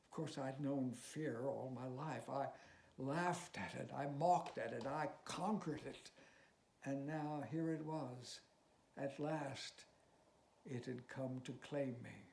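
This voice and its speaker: A man voicing a proud, aging male tightrope walker who bursts out in anger and then confesses in a halting, hushed way. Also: medium pitch, gravelly. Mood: confessing. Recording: roomy echo, faint noise.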